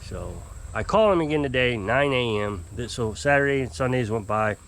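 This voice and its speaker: An average-pitched man tells a rambling, exasperated story to his camera about customers who keep him waiting. He mimics them in high, put-on voices. Faint insects buzz around him outdoors. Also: animated, moderate pace, a bit bright, slight background noise. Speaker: off-grid homesteader fixing small engines.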